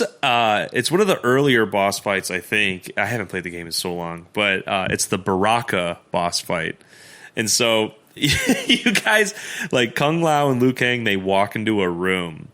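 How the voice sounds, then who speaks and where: A man's voice: on the low side, sharp tone. A young adult man co-hosting a podcast, telling stories in loose, slangy casual chat and laughing often. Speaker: podcast co-host.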